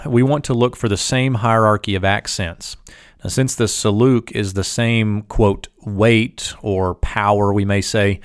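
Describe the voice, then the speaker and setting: A man teaching a short biblical Hebrew lesson, explaining each phrase in a methodical way and slowing down to read quotations aloud. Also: fairly low pitch, no room sound, clean studio sound. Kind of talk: lecture on biblical Hebrew verse.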